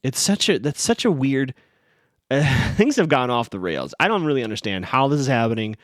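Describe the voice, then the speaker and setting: A man podcast host rambles through an episode recap, sarcastic and amused. His pitch jumps around a lot, and the sound is dry and close. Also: very animated, normal speed, a bit bright, no echo.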